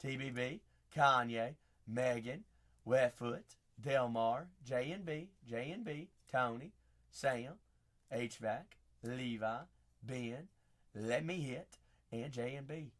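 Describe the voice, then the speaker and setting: A man's voice: mid-range voice, takes it slowly. A man hosting a live card break stream, chatty and hyping up his viewers. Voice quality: raspy. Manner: chatty, hypes up viewers, shouts out names.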